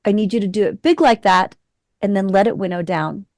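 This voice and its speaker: Acting coach, woman, direct and instructive, mid-pitched, dry close sound. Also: a little fast, a little mellow, no room sound. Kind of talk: class feedback.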